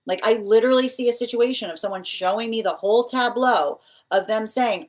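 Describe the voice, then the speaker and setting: A woman's voice: medium pitch, quick pace, hardly any pauses. Female tarot reader, live reading; rambling, repetitive delivery, acts out the spirit messages she relays. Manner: rambling, repeats phrases, voices spirit messages.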